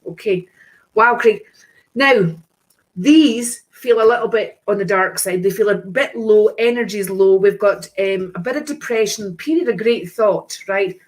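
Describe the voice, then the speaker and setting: A woman's voice: medium pitch, unhurried. A woman hosting a live stream, reading tarot cards for viewers in a chatty, breezy way with endearments and exclamations.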